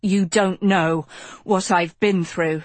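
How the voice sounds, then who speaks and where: A gruff, blunt teenage girl who talks plainly and pushes hard, voiced by a woman. Her delivery is unhurried, close and dry. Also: lowish voice, steady tone, no echo. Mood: tense. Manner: blunt, pressing.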